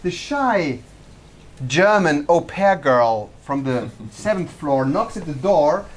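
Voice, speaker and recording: An emcee of an improv show addressing a live audience in a playful, halting way. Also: medium pitch, big pitch swings, a little hiss or hum. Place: theater stage.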